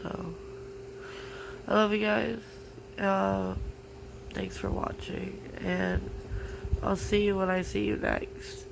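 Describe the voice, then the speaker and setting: A young woman vlogging through tears, halting and grief-stricken, with many "like" fillers. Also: medium pitch, fairly even intonation, gravelly, background noise. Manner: halting, full of "like" fillers, grieving. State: tearful. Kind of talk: personal confessional vlog.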